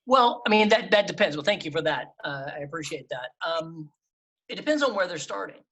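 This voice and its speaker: A middle-aged man, a voice actor, giving emphatic, lively advice in a casual interview over a travel microphone. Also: fairly high pitch, a little fast. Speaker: voice actor guest. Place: temporary remote setup away from home.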